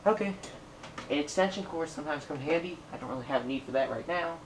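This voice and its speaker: A man's voice: a little high, fast, a little hiss or hum. A young man narrating an unboxing at home, rambling and talking to himself and the computer, getting frustrated while it loads. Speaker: tech vlogger. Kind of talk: casual unboxing commentary.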